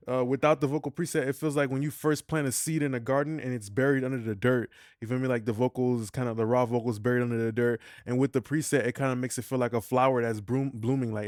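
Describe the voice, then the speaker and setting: A young man walks through a vocal mixing tutorial in loose, slangy casual talk. His voice is smooth and clear, sitting at a middle pitch, and is recorded dry and close. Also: a little mellow, no echo. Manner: slangy, loose, peppered with "you feel me". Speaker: music mixing tutorial host.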